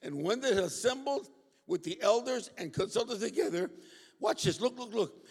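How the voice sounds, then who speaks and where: A man preaching a lively sermon with call-and-response asides to his congregation. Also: high-pitched, moderate pace, creaky, slightly rough. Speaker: pastor. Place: church hall. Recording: reverberant hall.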